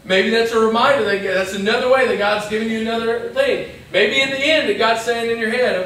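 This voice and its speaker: Man preacher, high voice, chatty youth sermon that slips into quoted asides, boomy hall sound from a distant mic. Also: fairly even intonation, brisk, few pauses, fairly bright tone, slight background noise. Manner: conversational, acts out little quoted lines. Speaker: pastor. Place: church hall.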